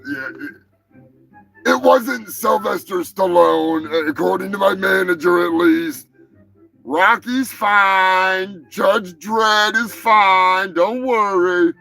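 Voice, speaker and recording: A man's voice: sits high, slow, gravelly, pushed and bright, soft background music. A man hosting a live comedy stream who rambles profanely and keeps correcting himself mid-sentence. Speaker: live show host.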